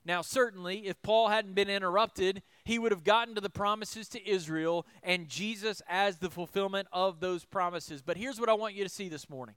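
A male pastor delivers a sermon in a high, smooth voice. He asks the room rhetorical questions, punches key lines loudly and then drops to quiet asides. The sound is dry and close. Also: moderate pace, hardly any pauses, no room sound. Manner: animated, rhetorical questions, shifts between loud emphasis and soft asides.

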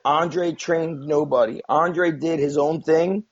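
Speaking slowly in a steady, slightly high voice with a breathy edge, a guest tells a story in a loose, rambling way. He leans on lots of fillers and swears often, and the recording has a dull lo-fi sound.

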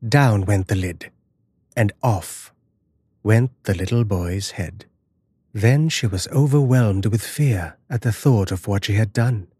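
A man giving a measured, dramatic scripted narration of a horror fairy tale. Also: on the low side, dark tone, husky, dry recording.

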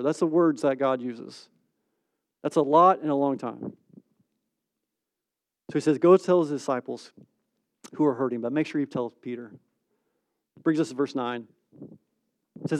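A man preaches in a lively, conversational way, often checking in with "right?". He acts out the scenes, swinging from loud to hushed. His voice sits high and the sound is dry, with no room echo. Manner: animated storytelling with quick swings between loud and hushed. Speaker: pastor. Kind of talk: sermon.

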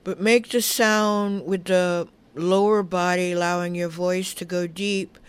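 Slow, calm woman guiding relaxation. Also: lowish voice, smooth. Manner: calm, unhurried, soothing guidance. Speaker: wellness teacher. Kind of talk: guided relaxation instruction.

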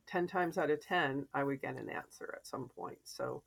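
A woman's voice: rumbling low, moderate pace, creaky, slightly rough. A woman, a podcast guest and mentor, telling stories and advice in an earnest, reflective way. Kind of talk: casual interview chat.

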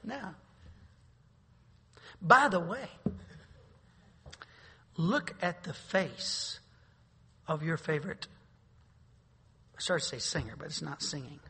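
A man preaching a sermon as pastor, speaking emphatically and swelling into loud declarations. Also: fairly high pitch, big pitch swings, slow, gravelly, long pauses, big-room sound, a little hiss or hum.

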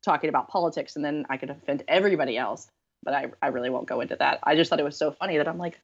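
A woman's voice: sits low, racing, slightly rough, lo-fi sound. A woman from the American South, an author, telling dating stories in a casual, self-deprecating way with many fillers. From Southern US, Texas. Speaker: author guest. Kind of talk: casual storytelling interview.

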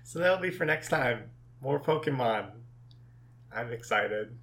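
A man co-hosting a podcast, chatting casually, with frequent chuckles and halting restarts. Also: on the high side, animated, fairly bright tone. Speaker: podcast co-host. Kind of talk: casual chat.

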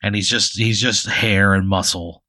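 A man's voice: lowish voice, flat delivery, unhurried, sharp tone, no room sound. A man narrating an improvised tabletop game as game master, casual and filler-heavy. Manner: casual, full of "like" and "you know".

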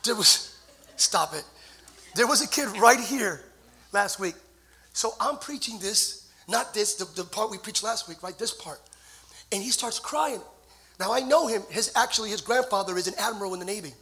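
A man in his forties preaches to his church with a high, piercing, very bright voice. He tells stories from the pulpit and rises into shouted, ringing climaxes. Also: moderate pace. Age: 40s. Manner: storytelling preacher who builds to shouted climaxes. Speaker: pastor. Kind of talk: sermon. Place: church sanctuary.

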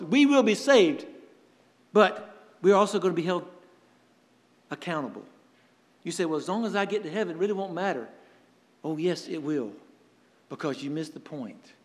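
A man preaching with a high, ringing voice that carries through a hall with a long reverb tail. He speaks earnestly, tells stories to make his point, and lets dramatic pauses hang. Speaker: pastor. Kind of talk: sermon.

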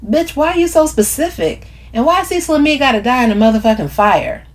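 A woman's voice: sits high, expressive, brisk, voice pushed up. A woman voicing a brash, foul-mouthed old college friend in an audiobook, blunt and profane. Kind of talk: audiobook character reading.

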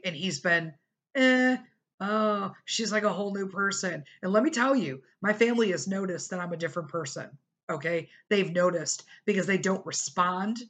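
Animated woman telling a story, bright voice. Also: normal speed. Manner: animated, acts out quoted people with big pitch jumps. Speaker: podcast host. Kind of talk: casual storytelling monologue.

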